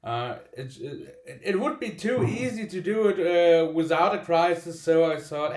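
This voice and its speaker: A man on a video call speaks with a slightly higher voice, stumbling through restarts and filling gaps with "uh". His voice rings a little in a roomy space. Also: measured pace, few pauses. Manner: hesitant, repeats words and restarts. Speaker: call participant. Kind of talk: casual video call chat.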